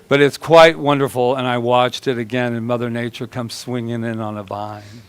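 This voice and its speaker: A man's voice: mid-range voice, fairly even intonation, moderate pace, clear, resonant tone. Chatty, joking male minister. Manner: chatty, joking, laughs while talking. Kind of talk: conversational sermon with storytelling. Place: church service.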